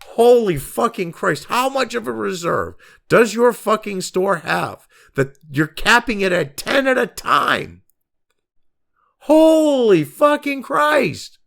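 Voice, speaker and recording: A man's voice: high-pitched, lively intonation, unhurried, gravelly, few pauses, fairly bright tone. A middle-aged man hosting a commentary show, ranting angrily and sarcastically, swearing constantly as he reacts to the news. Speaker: commentary host. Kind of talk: profane rant reacting to news.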